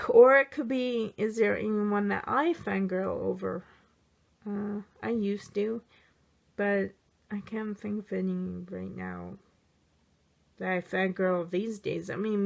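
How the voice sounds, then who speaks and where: A woman's voice: medium pitch, gravelly. A woman chatting casually to camera in a vlog, answering tag questions candidly with plenty of fillers. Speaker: teacher of young children. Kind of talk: casual chat.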